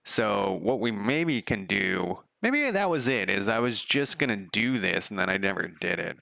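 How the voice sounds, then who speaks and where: Gravelly, swearing streamer guy. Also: lowish voice, big pitch swings, normal speed, bright, forceful tone, dry recording. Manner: profane, sardonic, rambling. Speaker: game developer streamer. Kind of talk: casual live coding commentary.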